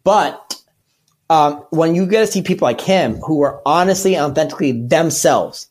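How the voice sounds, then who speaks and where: A man's voice: a little high, expressive, moderate pace, a little mellow. A man who works as a comedian, talking as a podcast guest in a rambling, candid way and correcting himself as he goes. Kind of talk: casual podcast chat.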